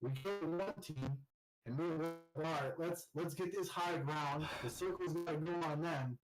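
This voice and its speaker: A man co-hosting a casual gaming chat, telling stories in an animated way and rising loud when he quotes teammates. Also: fairly high pitch, moderate pace, over music, low-quality recording. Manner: animated storyteller, shouts when quoting teammates. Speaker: podcast co-host.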